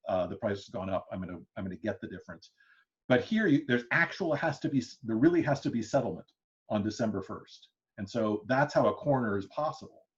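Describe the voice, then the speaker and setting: A man giving an interactive classroom lecture, talking loosely with many fillers and restarts, often chuckling. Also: on the low side. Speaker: history lecturer. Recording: dull lo-fi lecture recording.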